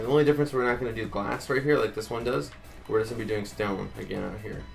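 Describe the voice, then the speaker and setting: A man's voice: lowish voice, gravelly. A man hosting a casual game-building tutorial, talking chattily to viewers and counting blocks aloud. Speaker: Minecraft tutorial host.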